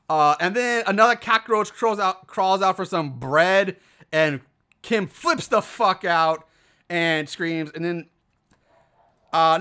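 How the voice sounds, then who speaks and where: A lively, swearing voice recapping a strange movie scene by scene, its pitch leaping up and down as it goes. The tone is bright and a little sharp, with an exasperated edge. It is casual podcast chat between friends. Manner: profane, animated, exasperated retelling. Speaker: podcast co-host.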